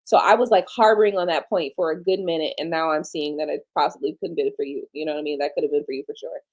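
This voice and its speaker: A woman hosting a casual livestream, chatty and slangy, tired late at night, dropping to low murmurs and jumping to excited squeals. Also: fast. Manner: chatty and slangy, talks to viewers as y'all. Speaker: livestream host.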